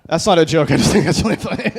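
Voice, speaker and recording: A man doing stand-up at an open mic night in a brewery, speaking into a handheld mic. His voice sits a little high. He delivers short one-liners in a dry, deadpan way. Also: fast talker, gravelly. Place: brewery bar.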